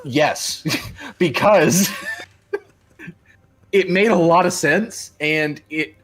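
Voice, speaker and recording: A man's voice: fairly high pitch, drawn-out words, fairly bright tone. Rambling young man chatting over a game. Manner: rambling, frequent restarts and laughs. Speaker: co-host of a gaming livestream. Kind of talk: casual gaming chat.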